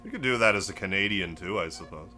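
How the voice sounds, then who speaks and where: A man's voice: sits low, quick pace, faint music behind. A man streaming a game, chatting casually, greeting viewers and musing aloud as he plays. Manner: relaxed, rambling, greets chat, muses aloud. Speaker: gaming live streamer. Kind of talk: casual gameplay stream chat.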